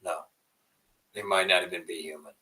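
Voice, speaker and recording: A man's voice: low voice, steady tone, normal speed, sharp tone, distant mic, rough recording. A man hosting a livestream in a rambling, profane way, often trailing off into mumbles. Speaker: livestream host. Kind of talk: casual livestream rant.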